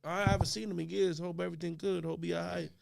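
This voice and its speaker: Creaky-voiced man in casual banter. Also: high-pitched, flat delivery, fast talker. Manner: loose, profane, repeats himself. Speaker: podcast co-host. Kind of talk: casual chat.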